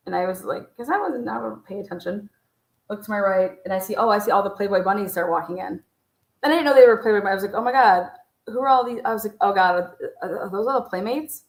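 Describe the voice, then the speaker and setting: A young woman hosting a livestream, telling casual stories in a profane, chatty way with frequent laughs. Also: medium pitch. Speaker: livestream host. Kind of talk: casual storytelling chat. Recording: echoey room.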